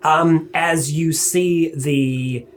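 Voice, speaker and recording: A man's voice: fairly high pitch, fairly even intonation, very slow, a little hiss or hum. A man, narrating a tabletop game as game master in a rambling way, full of fillers and swearing.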